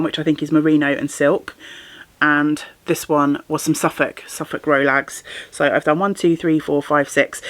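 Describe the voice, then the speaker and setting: A woman's voice: low voice, fairly bright tone, no echo. A woman chatting casually and enthusiastically in a crafting vlog, talking to the camera at home. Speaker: knitting and spinning vlogger.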